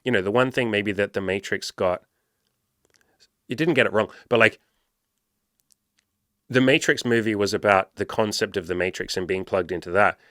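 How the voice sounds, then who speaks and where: A young man with a fairly low voice riffs casually through an article, swearing freely and hammering his points. The recording is close and dry, with no room sound. He keeps switching into little acted-out pep talks. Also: moderate pace, long pauses, fairly bright tone, dry recording. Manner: emphatic, profane, puts on voices when quoting himself. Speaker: podcast host and dating coach. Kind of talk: casual podcast commentary reading an article.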